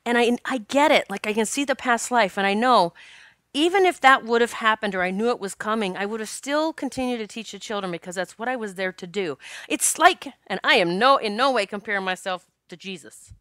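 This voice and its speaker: Female podcast host, candid storyteller, bright crisp voice, dry close sound, curses freely. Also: on the high side, fairly quick, no room sound. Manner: frank and animated, swears and laughs often.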